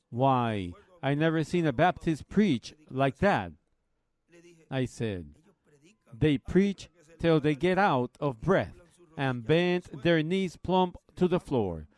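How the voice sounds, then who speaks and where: Slow-paced preacher man. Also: fairly high pitch, darkish tone. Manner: retells a story slowly, quoting others in a plain folksy way. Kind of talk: Bible study sermon.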